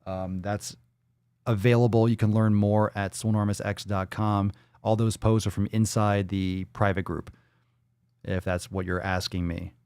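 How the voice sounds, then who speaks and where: A man's voice: on the low side, flat delivery, measured pace, a little mellow, clear, resonant tone, no echo, studio quality. A man hosting a daily fitness livestream podcast, talking casually with hype, profanity and playful catchphrases. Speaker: podcast host.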